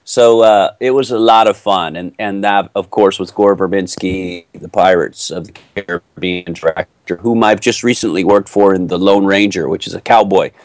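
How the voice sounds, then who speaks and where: Middle-aged Texan male actor, lowish voice, dry sound, lively storyteller. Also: moderate pace, dry recording. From Texas. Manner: animated, playful storyteller. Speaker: actor being interviewed. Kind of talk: casual interview answers.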